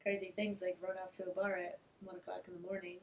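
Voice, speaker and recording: A woman's voice: lowish voice, little pitch movement, quick pace, a little hiss or hum. A woman in casual podcast chat, reacting bluntly and with laughter. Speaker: podcast co-host.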